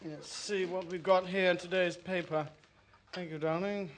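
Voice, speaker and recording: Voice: medium pitch, fairly even intonation, moderate pace, a little hiss or hum, natural voice. A performer playing a blustering, absent-minded upper-class husband. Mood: bumbling. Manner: pompous, mumbling, absent-minded.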